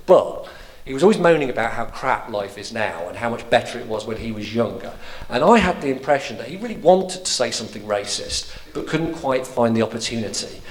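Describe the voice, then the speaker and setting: Middle-aged English stand-up comic, expressive rising and falling voice, rambling storyteller, live stage mic. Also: male voice, mid-range voice. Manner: animated storytelling with frequent restarts and fillers. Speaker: stand-up comedian. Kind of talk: stand-up comedy. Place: theatre stage before a live audience.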